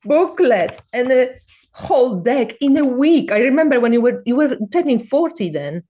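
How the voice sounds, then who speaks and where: A woman's voice: sits high, big pitch swings, normal speed, mellow. Swearing, laughing woman on a video call. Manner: swears freely, laughs often, teasing. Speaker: co-host. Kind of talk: casual chat on a video call.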